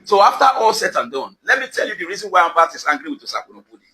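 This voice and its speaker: A man's voice: high voice, very animated, rapid-fire, bright, forceful tone, poor audio. A Nigerian man delivering a confrontational direct-to-camera rant outside his house, emphatic and accusatory, repeating his questions for effect. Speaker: social media commentator. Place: outdoors at his house compound.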